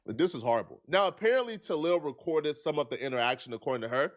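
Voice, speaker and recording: A man's voice: on the high side, lively intonation, fast talker. A man giving earnest, argumentative commentary, repeating himself to press his points.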